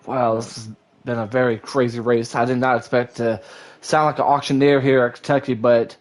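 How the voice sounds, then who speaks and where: A male lead commentator calling a sim racing event live, at an everyday middle pitch. He rambles through long sentences and lets his voice climb sharply whenever cars touch or someone spins. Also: brisk. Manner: excitable, rambling, voice leaps up during action.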